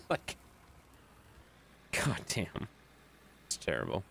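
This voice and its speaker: A man's voice: fairly low pitch, very animated, normal speed, a bit bright, slight background noise. A man streaming a game, chatting loosely with viewers, swearing and laughing often. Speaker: gaming streamer. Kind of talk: casual chat while playing.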